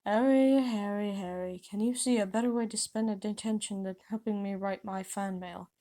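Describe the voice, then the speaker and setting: A woman's voice: medium pitch, steady tone, normal speed, warm tone, natural voice. A woman doing a vain, pompous teacher. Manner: pompous, chummy. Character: vain, showy male teacher.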